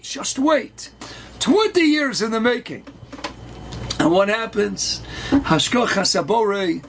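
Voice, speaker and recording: A man telling an inspirational story in an animated, emphatic way, sprinkling in Hebrew and Yiddish terms. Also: high voice, a little hiss or hum. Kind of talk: inspirational story at a wedding celebration.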